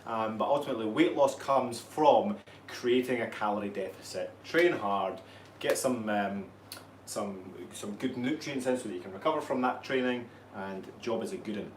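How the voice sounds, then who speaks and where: A man's voice: on the low side, normal speed. A Scottish man who coaches fitness and co-hosts a live stream, chatting casually and joking with his co-host. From Scotland. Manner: relaxed, joking, laughs often. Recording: echoey room, mic at a distance, faint noise.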